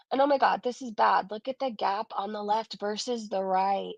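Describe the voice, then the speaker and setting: Sarcastic woman with a gravelly voice. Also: mid-range voice, normal speed, no room sound, lo-fi sound. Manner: sarcastic and blunt, swears freely; laughs through her remarks. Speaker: reaction channel host. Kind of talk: casual reaction commentary.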